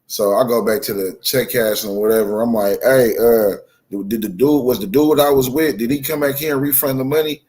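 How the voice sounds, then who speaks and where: Casting note: a man with a mid-range voice, a rambling, animated storyteller who swears a lot. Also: medium pitch, moderate pace. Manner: animated, profane storytelling with acted-out dialogue. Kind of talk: casual storytelling chat.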